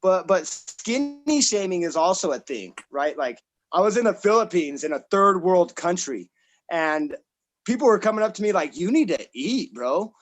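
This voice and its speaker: A man's voice: high voice, lively intonation, normal speed, low-quality recording. A man in his thirties from Colorado doing a stand-up set over a video call, rambling and self-deprecating with many fillers and restarts. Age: 30s. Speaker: stand-up comic.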